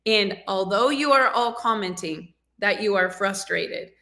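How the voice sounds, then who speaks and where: A woman's voice: medium pitch, a little slow, pushed and bright. A woman hosting a live motivational talk over a video call, speaking in an emphatic, rousing way and urging her audience to act. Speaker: motivational coach and show host. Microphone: video call microphone.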